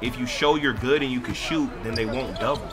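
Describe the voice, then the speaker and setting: A man's voice: medium pitch, brisk. A man in live game voice chat, trash-talking and bossing his teammates around. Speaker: gamer streamer.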